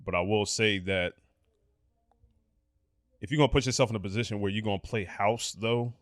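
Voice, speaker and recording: A man's voice: on the low side, moderate pace, no echo, clean studio sound. A man co-hosting a casual podcast chat, talking in a slangy, blunt way and swearing freely. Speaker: podcast co-host.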